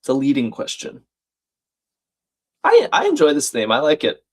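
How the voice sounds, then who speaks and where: A man's voice: on the high side, wildly swooping pitch, moderate pace. Man casually solving a crossword live. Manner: reads out chat messages and thinks aloud, laughing often. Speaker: host of a live crossword stream. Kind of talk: casual live-stream commentary.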